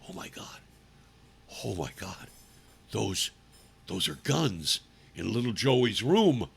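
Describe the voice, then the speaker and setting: A man voicing a flustered school official in a hushed, fretful, mock-worried voice. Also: mid-range voice, expressive, normal speed, voice pushed down. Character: flustered whispering teacher and principal.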